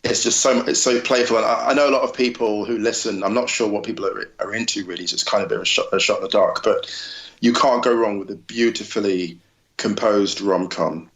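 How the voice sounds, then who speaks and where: A man talks as a podcast guest, enthusiastic and effusive as he tells his stories. His voice sits somewhat low. The room around him is noticeably echoey. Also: a little fast. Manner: enthusiastic, effusive, animated storytelling. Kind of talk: casual chat.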